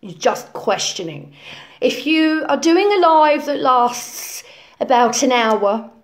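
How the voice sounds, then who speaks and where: A woman's voice: high voice, very animated, takes it slowly, exaggerated voice. A woman playing a self-important conspiracy influencer in a comedy parody lesson, preaching in a rambling way full of ums and repeated phrases. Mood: preachy. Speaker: lecturing influencer character.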